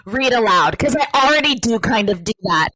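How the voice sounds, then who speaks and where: A woman's voice: a little high, animated, brisk, sharp tone, dry recording, poor audio. A woman talking as a podcast guest in a casual chat, rambling with lots of fillers. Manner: chatty, rambling, with many fillers.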